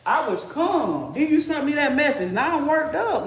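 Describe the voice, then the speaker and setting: Very high-voiced man, playful and hyped. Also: sing-song, moderate pace, a bit bright, a little hiss or hum. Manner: playful, hyped, teasing chat. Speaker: livestream cooking host. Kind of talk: casual livestream chat. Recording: echoey room.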